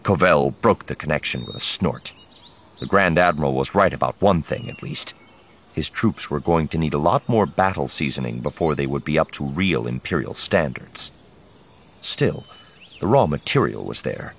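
A man's voice: rumbling low, normal speed, slightly rough. A man narrating an audiobook dramatically, voicing each character himself.

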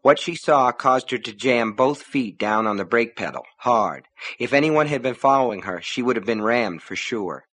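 A man's voice: medium pitch, animated, normal speed, a bit bright. Man narrating an audiobook. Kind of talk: scripted narration.

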